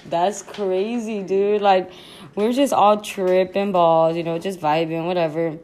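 A woman's voice: on the low side, steady tone, a little slow, dark tone, a little hiss or hum. A young woman hosting a podcast, telling a rambling storytime at home in a casual, slangy way with frequent laughs. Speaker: podcast host. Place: her home.

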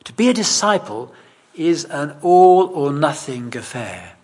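Guy preaching, chatty and emphatic, bit husky, kinda high voice. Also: very animated, measured pace, darkish tone. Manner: conversational, self-deprecating, emphatic. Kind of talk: sermon.

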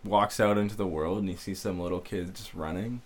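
Low-voiced laid-back man. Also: fairly even intonation, fairly quick, a little hiss or hum. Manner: laid-back, profane, chimes in with short agreements. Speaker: podcast co-host. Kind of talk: casual chat.

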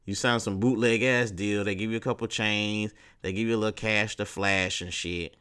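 A man's voice: lowish voice, steady tone, moderate pace, pushed and bright, smooth. A man hosting a casual solo podcast, talking in a profane, rambling, laid-back way full of street slang. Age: 30s. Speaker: podcast host.

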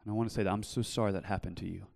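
A young man preaching earnestly in a church, telling his own story and then pleading gently with listeners. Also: lowish voice, fairly even intonation, very fast, gravelly, long reverb tail. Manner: earnest, shifts from loud storytelling to soft pleading. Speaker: pastor. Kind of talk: sermon with personal testimony. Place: church hall.

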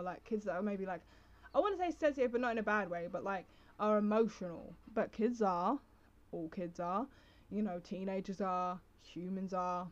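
Rambling young woman podcaster, lo-fi sound. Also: mid-range voice. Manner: rambling, full of fillers and self-interruptions. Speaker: podcast host. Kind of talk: casual solo podcast talk. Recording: slightly dull lo-fi recording.

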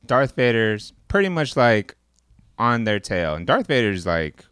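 A man's voice: medium pitch, very animated, measured pace, a bit bright, clear, resonant tone, dry recording, studio quality. A man co-hosting a podcast, casually retelling a movie plot in a rambling, profane way, full of "like" and "uh" and acted-out lines. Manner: rambling and profane, heavy on "like" and "uh", acts out characters' lines. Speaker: podcast co-host.

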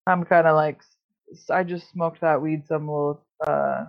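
A podcast host tells stories in a casual chat, swearing constantly and rambling with plenty of fillers. Her voice is low and a little slow, with fairly even intonation and vocal fry. The recording has a dull lo-fi sound.

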